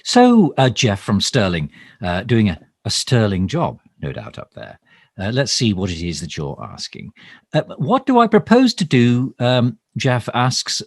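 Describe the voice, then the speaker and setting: A man's voice: medium pitch, huge pitch swings, measured pace, slightly rough, no echo, studio quality, exaggerated voice. A man playing a bumbling, pompous government minister in a mock live stream, rambling and stammering through ums and restarts. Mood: self-important. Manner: pompous, overly formal. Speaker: satirical minister character. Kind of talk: improvised comic monologue, mock live stream.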